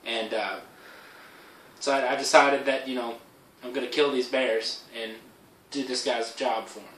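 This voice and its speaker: A man's voice: mid-range voice, fairly even intonation, a little slow, fairly bright tone. A man telling an absurd comic story in a rambling way, with lots of stammered restarts and casual swearing. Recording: echoey room, voice from far off.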